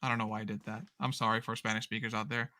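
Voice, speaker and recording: A man from Puerto Rico co-hosting a card-game stream, thinking out loud in loose, casual chat. His voice sounds bright and forward. He trails off and restarts often while keeping up with the chat. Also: fairly low pitch, flat delivery, racing. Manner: rambling, self-correcting, reads chat aloud. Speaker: stream co-host.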